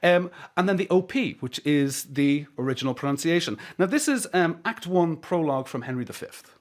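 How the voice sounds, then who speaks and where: A man's voice: fairly high pitch, expressive, brisk. Chatty male radio host. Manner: chatty, rambling questions with many restarts. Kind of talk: radio interview.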